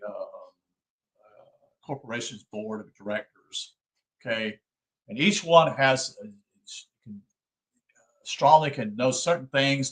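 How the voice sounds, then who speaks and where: A man's voice: mid-range voice, fairly bright tone, poor audio. Man reading a book aloud, then musing. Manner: reads aloud, then explains loosely with fillers and restarts. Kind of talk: book reading with spoken commentary.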